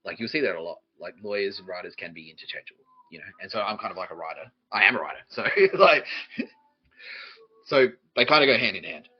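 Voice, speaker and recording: Australian man, podcast host, low voice, husky, rambling and profane, dull lo-fi sound. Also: expressive, quick pace. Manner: rambling, profane, laughs often at himself. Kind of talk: casual monologue answering listener questions.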